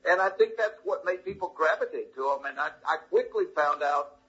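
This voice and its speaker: Husky Southern man with a thick drawl. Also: fairly high pitch, lively intonation, a little fast, bright, forceful tone. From Georgia, US South. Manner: folksy, good-natured anecdotal delivery. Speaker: comedian guest. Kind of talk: casual interview storytelling. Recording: slightly dull lo-fi audio.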